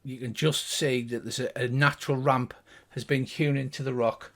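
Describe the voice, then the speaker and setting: An older game master with a gravelly, husky voice. He describes the scene at a steady, unhurried pace. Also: mid-range voice. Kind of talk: narrating a tabletop game.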